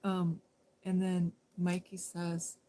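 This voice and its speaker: A woman's voice: fairly low pitch, completely flat delivery, slow pace, warm tone. A woman chatting casually to her viewers on a live stream, rambling and restarting her sentences, often breaking into laughter. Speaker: livestream host.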